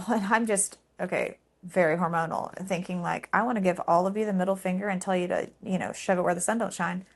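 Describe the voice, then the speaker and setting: Woman telling a painful memory. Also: mid-range voice. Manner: emotional, halting, many fillers. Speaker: storyteller. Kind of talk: personal storytelling.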